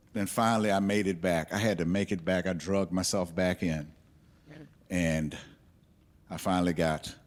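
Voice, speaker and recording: A man telling a personal story on stage in a candid, reflective way, with halting restarts. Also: low voice.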